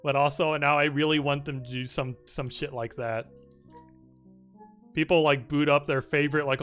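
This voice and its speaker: A young man streaming a video game and commenting casually, excitable and rambling, swearing often and filling his speech with "like". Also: on the high side, moderate pace, faint music behind.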